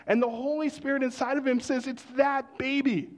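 A male pastor preaching a sermon in a conversational storytelling way, dropping to hushed exclamations of wonder. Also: very high voice, steady tone, brisk, few pauses.

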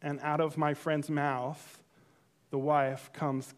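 A man's voice: fairly high pitch, little pitch movement, takes it slowly. A man preaching a sermon, telling a personal story and acting out his own reactions. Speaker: pastor.

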